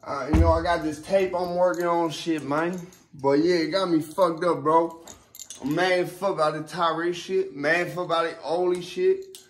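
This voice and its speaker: A man's voice: a little high, steady tone, moderate pace. A young man rambling through heated casual commentary, full of profane street slang, restarts and fillers, getting emphatic when riled up. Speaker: vlogger. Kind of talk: casual ranting commentary to camera.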